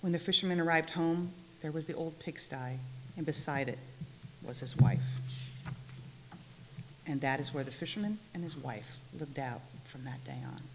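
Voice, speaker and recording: A woman reads a folk tale aloud to a church congregation, expressive and adding dry asides. Her voice sits fairly low. The big hall echoes long, with a faint hiss. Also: moderate pace, pauses often. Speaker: storyteller in a church service.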